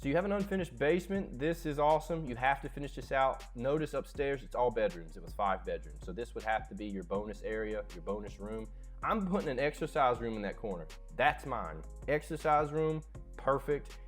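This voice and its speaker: A man's voice: mid-range voice, expressive, brisk, faint music behind. A young man giving a chatty, opinionated walkthrough of a house, filmed on a handheld phone as he moves from room to room. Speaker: home tour vlogger. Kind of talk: casual walkthrough commentary. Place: inside a house, moving room to room.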